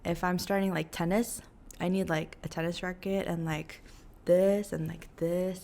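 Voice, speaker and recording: A young woman from New York, telling a story in a chatty, animated vlog with many fillers and acted-out quotes. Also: lowish voice, measured pace. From New York, USA. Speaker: vlogger.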